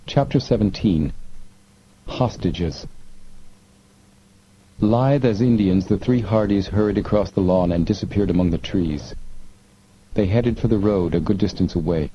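A man reading an adventure novel aloud in measured, suspenseful narration. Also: low-pitched, dark tone. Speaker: audiobook narrator. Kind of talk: scripted narration. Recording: muffled lo-fi with faint hiss.

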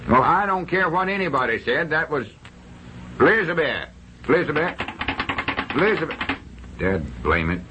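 An actor playing a bossy, folksy older storekeeper in an old-time radio comedy. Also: male voice, fairly high pitch, big pitch swings, normal speed, long pauses, sharp tone, a little hiss or hum. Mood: worried. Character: exasperated older male country storekeeper.

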